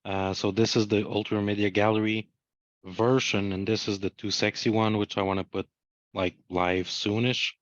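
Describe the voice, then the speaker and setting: A man with a fairly low voice casually walks others through his website work, stringing thoughts loosely with plenty of fillers. The audio is dry and slightly muffled, like a call microphone. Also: normal speed, dry recording. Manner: relaxed, filler-heavy, loosely strung phrases. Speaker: web developer showing his work. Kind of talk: casual show-and-tell on a video call.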